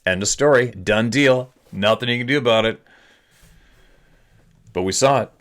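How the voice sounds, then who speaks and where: A man's voice: medium pitch, moderate pace, fairly bright tone. A middle-aged man hosting a podcast, casually rambling through his own stories and reading listener emails aloud, swearing now and then.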